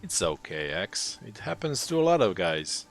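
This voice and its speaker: A man's voice: low-pitched, sing-song, normal speed, gravelly, slight background noise. A man narrating the story of a game session, adding dry, teasing asides about the player.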